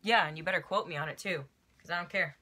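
A woman's voice: on the low side, fast talker, pushed and bright. A young woman from Louisiana, a friend of the host, telling a story in a blunt, sassy way. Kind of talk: casual chat, storytelling.

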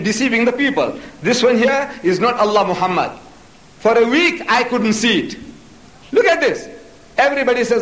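Male lecturer, high voice, emphatic and questioning; distant mic, reverberant hall. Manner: emphatic, rhetorical questions to the audience. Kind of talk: public religious lecture. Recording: echoey hall, voice from far off.

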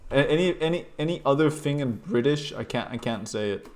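A man's voice: medium pitch, expressive, fairly quick. A young man streaming a block-building game, grumbling and swearing while stumbling over repeated words. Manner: stammering restarts, swearing, grumbling. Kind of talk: casual gaming commentary.

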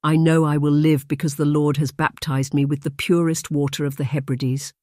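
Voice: medium pitch, little pitch movement, moderate pace, a little mellow, no echo, natural voice. Young English heroine in a storybook romance, gushing and imaginative, voiced by the narrator; dry booth sound. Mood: eager.

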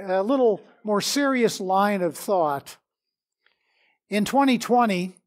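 A middle-aged man, a pastor, preaching a measured sermon with prayer and scripture reading. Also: high-pitched.

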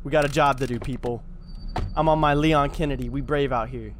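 A young man casually commenting on a horror game, excitable and slangy, talking straight to his viewers. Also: mid-range voice, a little fast, a little hiss or hum. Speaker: gaming YouTuber.

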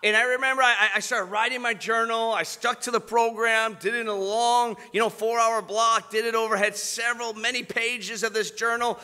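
A man with a high, very bright and piercing voice delivers a sermon. He tells a personal story, then builds to fervent preaching. A long reverb trails each phrase in the big church hall. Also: fairly even intonation, normal speed, few pauses, faint music behind.

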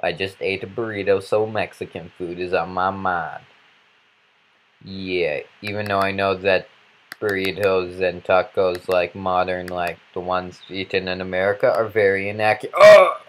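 A man's voice: deep voice, level tone, moderate pace, fairly bright tone. A man giving goofy, rambling commentary while playing a video game, breaking into random outbursts. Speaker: let's play commentator.

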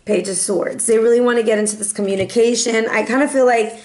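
A woman's voice: on the high side, steady tone, fast talker, a little mellow, echoey room, slight background noise. A woman giving a casual tarot reading, chatty and playful as she talks through the cards. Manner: chatty and playful, sings and meows in bursts. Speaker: tarot reader.

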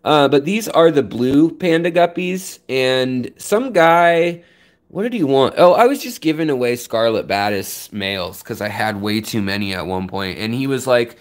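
A man's voice: mid-range voice, moderate pace. A man with a mid-range voice chats loosely on a fish-keeping live stream. He rambles between stories and greets chatters one by one in a friendly, easygoing way. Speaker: aquarium live stream host. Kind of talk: casual live stream chat.

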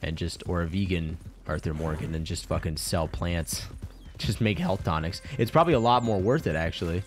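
A man's voice: low voice, normal speed, soft background music. A man streaming a video game, chatting casually as he plays, swearing constantly and chuckling between remarks. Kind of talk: casual let's-play commentary.

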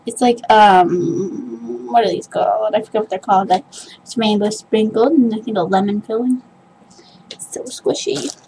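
A woman's voice: mid-range voice, moderate pace, vocal fry, dark tone, slight background noise, rough recording. A young woman opening a package on her vlog, gushing, gasping and squealing with delight. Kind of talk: excited unboxing vlog.

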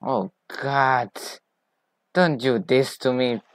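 A man talks through a football management game he is playing. He drawls along slowly, then breaks into excited shouts of player names at big chances. His voice sits dry and close to the mic. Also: mid-range voice, no echo. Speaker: gaming video creator.

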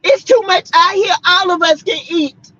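A woman's voice: very high-pitched, normal speed, pushed and bright, lo-fi sound. A woman from South Carolina, a vlogger, delivering a fiery, preachy, blunt rant to her viewers from her car.

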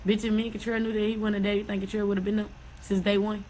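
A woman's voice: mid-range voice, flat delivery, a little mellow, a little hiss or hum, low-quality recording. A woman angrily ranting on social media, swearing and repeating herself. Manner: angry, profane, fast.

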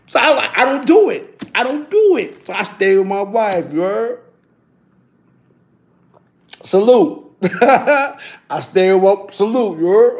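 High-voiced animated man in his fifties. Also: vocal fry. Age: 50s. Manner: animated, keeps adding "you heard?". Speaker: YouTube streamer. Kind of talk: casual storytelling.

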